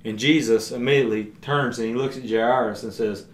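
On his podcast, a man teaches a Bible passage, earnestly retelling scripture in plain everyday language. His medium-pitched voice is steady and fairly quick. The recording has a roomy echo.

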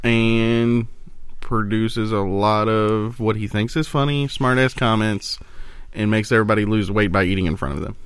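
A man co-hosting a podcast, trading quick teasing jokes in casual banter. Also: lowish voice, fairly even intonation, smooth, no room sound. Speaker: podcast co-host. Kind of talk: casual chat.

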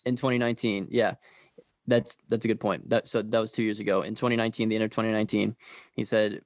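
A Midwestern man with a low, gravelly voice talks quickly and earnestly, dropping fillers as he goes. He is sharing his ministry team's story in a relaxed chat. The recording is dry and close, with no room sound. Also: dry recording. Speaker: ministry team leader. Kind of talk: casual conversational storytelling.

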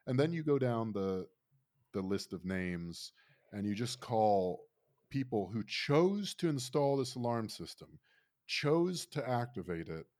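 A man's voice: mid-range voice, big pitch swings, unhurried, darkish tone. A man in his thirties, from Florida, telling a rambling, wry story in casual chat.

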